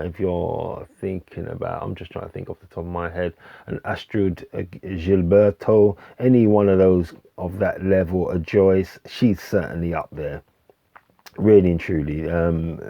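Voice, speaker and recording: Deep-voiced guy rambling about records, lots of ums, dull dry lo-fi sound. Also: gravelly, no room sound. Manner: hesitant, many fillers and restarts; relaxed, enthusiastic recommending. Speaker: album reviewer. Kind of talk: casual music review vlog.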